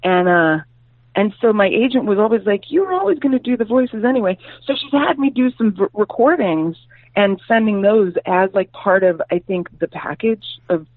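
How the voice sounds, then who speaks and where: A woman comedian in a casual podcast chat, telling stories in a profane, animated way. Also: mid-range voice, moderate pace. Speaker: comedian guest. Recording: tinny phone-like, dry sound.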